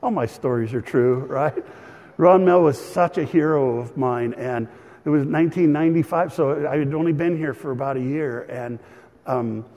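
A man's voice: fairly high pitch, normal speed, a little mellow, highs cut off. Chuckling man preaching in a reverberant hall. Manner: storytelling with chuckles and fillers. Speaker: pastor. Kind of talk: sermon.

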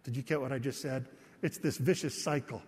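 A man's voice: mid-range voice, steady tone, fairly quick, darkish tone, slightly rough. A man preaching a sermon as a pastor, chatty and joking with his congregation. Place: church hall. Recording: long reverb of a church hall.

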